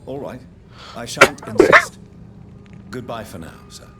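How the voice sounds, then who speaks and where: A man's voice: mid-range voice, wildly swooping pitch, unhurried, heavy background noise. An actor playing a courteous, formal male doctor in a video game, speaking politely and with restraint.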